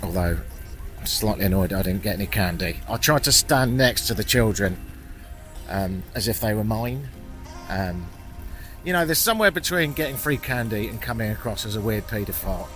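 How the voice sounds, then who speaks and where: A man's voice: lowish voice, lively intonation, normal speed, a bit bright. A British man talking to camera while walking outdoors in a small mountain town, chatty and wry, swearing now and then, with earnest moments, faint music behind. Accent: British English. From Britain. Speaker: vlogger. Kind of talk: walking vlog monologue.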